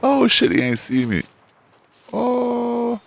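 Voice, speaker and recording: Excitable deep-voiced man gaming. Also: normal speed. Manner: excitable, profane trash talk; talks to his in-game dog. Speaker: gamer and streamer. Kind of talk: casual let's-play commentary.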